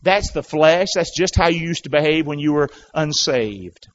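A man's voice: on the high side, expressive, moderate pace. A male pastor, preaching a sermon in a church and coaxing the congregation to repeat phrases back in call and response. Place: church sanctuary. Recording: dull lo-fi sound.

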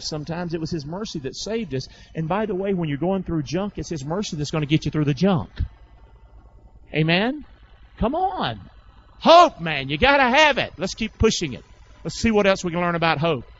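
A man's voice: sits high, a little hiss or hum. A man preaching a sermon, urging call-and-response and reading scripture aloud in bursts. The recording is dull and lo-fi.

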